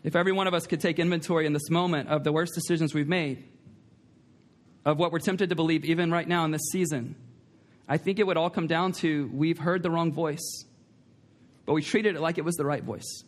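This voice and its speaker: High-pitched guy preaching a sermon in church, emphatic, repeats his main points and asks the room questions. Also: fairly even intonation, fairly quick. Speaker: pastor. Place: church sanctuary.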